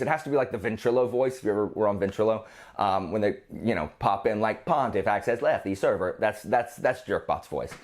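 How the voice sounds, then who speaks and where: A man reviewing books in a casual vlog, rambling and often restarting his sentences. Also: medium pitch. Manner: rambling, self-interrupting, frequent restarts. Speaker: book reviewer.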